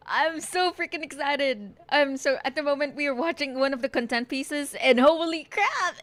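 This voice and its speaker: High-voiced gushing young woman streamer. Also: no echo. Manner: gushing, fast-talking, shrieks with excitement. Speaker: streamer hosting a watch party. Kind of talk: excited casual chat.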